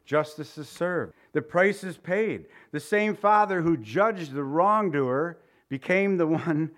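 A man preaching a sermon, telling stories with chuckles and acting out the voices of the people in them. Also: fairly high pitch. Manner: animated storytelling with chuckles and acted-out voices.

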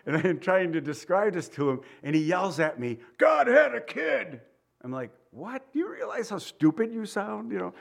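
Lively conversational male preacher. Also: mid-range voice. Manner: conversational, chuckling, acts out quotes. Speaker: pastor. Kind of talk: sermon teaching.

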